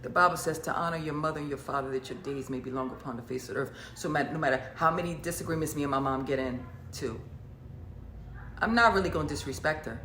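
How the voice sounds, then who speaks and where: A woman preacher telling a personal story in an emphatic, animated way, repeating phrases for effect. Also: low-pitched, quick pace, reverberant, slight background noise. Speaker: prophetess and preacher. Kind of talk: casual storytelling monologue.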